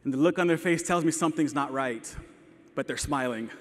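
A man's voice: fairly high pitch, brisk, a little hiss or hum. A young man from El Paso, a teacher giving an earnest, emotional keynote speech to an audience, with self-deprecating humor. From El Paso, Texas. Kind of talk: personal storytelling speech. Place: large hall with audience. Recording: long hall reverb.

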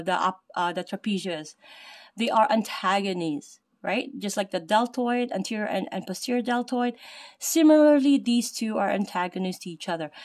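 A woman presenting an anatomy lesson over slides, reading her notes aloud with many fillers and slowing down to spell out terms. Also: mid-range voice.

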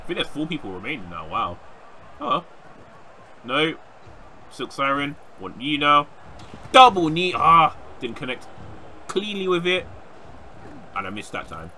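A young man giving casual, excitable gameplay commentary, often shouting at opponents. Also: mid-range voice, measured pace, long pauses, a little hiss or hum. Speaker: gaming YouTuber.

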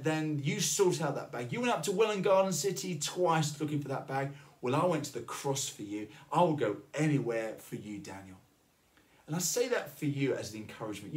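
A man preaching a sermon, telling a personal story and earnestly encouraging his listeners. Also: fairly high pitch. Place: church.

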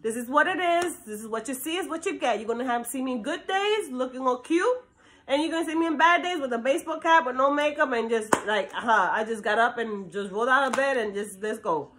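A middle-aged woman from Brooklyn with a New York accent, chatting casually to her viewers in a talkative, animated way. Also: high-pitched, background noise. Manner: chatty, animated, talks fast and drifts between topics. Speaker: vlogger. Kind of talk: casual chat to camera.

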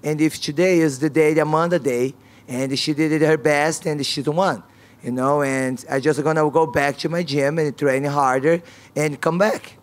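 A woman's voice: deep voice, fairly even intonation, normal speed. A woman fighter at a press conference, speaking frank, non-native English with broken grammar and repeated key words.

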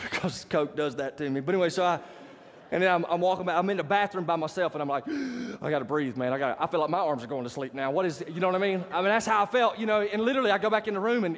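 A man preaching a sermon as pastor, telling a personal story and often checking in with the congregation. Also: a little high. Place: church sanctuary. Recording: long church hall reverb.

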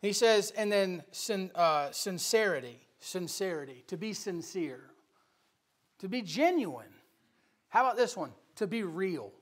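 High-voiced preacher, emphatic and loud. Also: male voice, animated, unhurried. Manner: emphatic, swings from quiet asides to loud exhortation. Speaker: pastor. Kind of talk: sermon. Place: church.

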